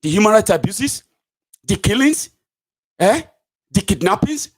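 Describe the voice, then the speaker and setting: A Nigerian man delivers an angry solo political rant, scolding and mocking his viewers. His voice sits a little high and he stays combative and sarcastic throughout. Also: sing-song, unhurried. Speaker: political commentator.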